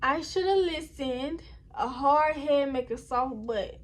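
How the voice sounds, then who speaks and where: High-voiced young woman rambling through a story. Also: slow pace. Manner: rambling, chatty, talks straight to viewers. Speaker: vlogger. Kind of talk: casual storytime. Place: indoors at home.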